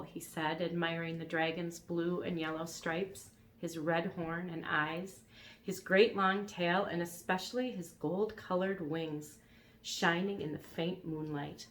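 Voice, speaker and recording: A woman reading a children's storybook aloud in a calm, even narrating voice. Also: on the low side, measured pace. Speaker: reader.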